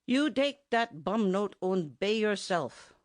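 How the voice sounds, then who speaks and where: In a dry audiobook recording, a woman voices a bossy, pompous middle-aged German bandmaster who mangles English in a thick German accent. She pitches her mid-range voice above her natural one and delivers the character slowly and animatedly, with a blustering mood and no room sound.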